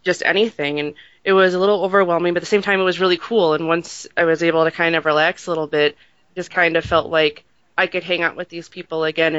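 A woman's voice: fairly low pitch, a bit bright, dry recording, muffled recording. A woman podcast co-host chatting casually, self-deprecating and gushing about people she met. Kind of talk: casual chat.

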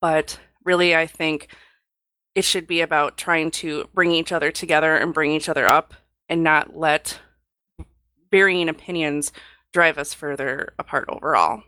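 A woman co-hosting a casual podcast chat, her voice sitting a little low. She talks in a chatty, animated way. The sound is dry and close. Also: moderate pace, no room sound. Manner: animated, acts out quotes, chatty. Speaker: podcast co-host.

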